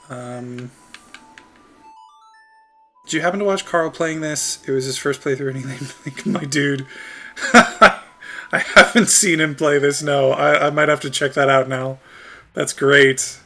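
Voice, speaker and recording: A male streamer chats loosely through a game session, rambling with lots of ums and quick laughs. His voice sits fairly high and sounds bright and forward. Faint game music plays underneath. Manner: rambling, laughs often, filler-heavy. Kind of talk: casual gameplay chat.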